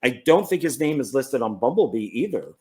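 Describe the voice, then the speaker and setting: A man's voice: mid-range voice, fairly quick. A man casually going through his film collection, rambling, correcting himself and stumbling over names. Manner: relaxed, enthusiastic about films. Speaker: movie collector.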